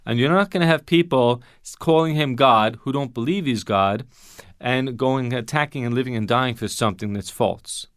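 A man's voice: mid-range voice, normal speed, clear, resonant tone, dry recording, clean studio sound. Emphatic man teaching Bible Greek. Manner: emphatic, rhetorical questions, repeats key phrases. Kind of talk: teaching Greek grammar to listeners.

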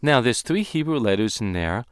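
A man giving a Hebrew Bible lesson in a clear, resonant voice. He talks deliberately and with emphasis, slowing down on the words he wants to stress. The sound is dry and close. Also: mid-range voice, lively intonation, dry recording. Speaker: Bible teacher.

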